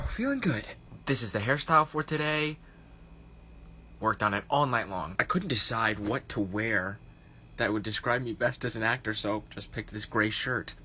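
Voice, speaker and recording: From his tiny New York City apartment, an American TikTok vlogger in his twenties talks casually to camera, upbeat and joking at his own expense. His lowish, animated voice has a sharp tone and normal speed, with a little hiss or hum in the recording.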